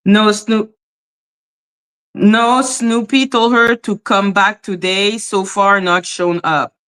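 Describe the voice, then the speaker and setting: Chatty woman livestream host, slow-talking. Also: mid-range voice, clean tone. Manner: chatty, animated, exclaims and greets chat by name. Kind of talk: casual livestream chat greeting viewers.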